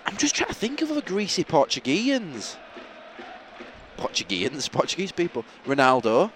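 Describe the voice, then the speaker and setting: A man's voice: a little high, wildly swooping pitch, moderate pace, a bit bright, a faint crowd, slight background noise. A man co-hosting a podcast at a football match, laughing a lot and tripping over player names. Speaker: podcast co-host. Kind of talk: casual match-day banter. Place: outdoors at a football stadium.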